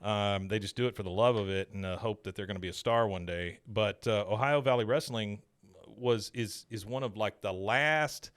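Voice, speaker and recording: A man co-hosting a podcast, recapping an episode in casual, halting chat full of fillers and restarts. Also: on the low side.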